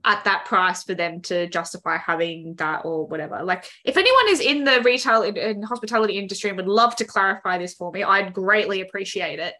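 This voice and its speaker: A woman's voice: mid-range voice, fairly quick, few pauses, bright, forceful tone. A young Australian woman co-hosting a podcast, rambling casually with lots of fillers and laughing often. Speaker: podcast co-host. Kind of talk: casual chat.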